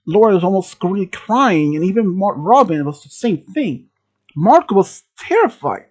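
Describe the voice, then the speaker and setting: A storyteller from Sweden telling a first-person horror story, halting, with restarts and phrasing. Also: mid-range voice, very animated. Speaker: channel host telling a story.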